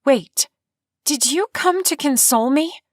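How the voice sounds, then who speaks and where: A woman's voice: high-pitched, lively intonation, measured pace, no room sound, clean studio sound, pitched above the performer's own voice. A woman voicing Meg, a flustered young woman. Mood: anxious. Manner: lifted, eager and nervous.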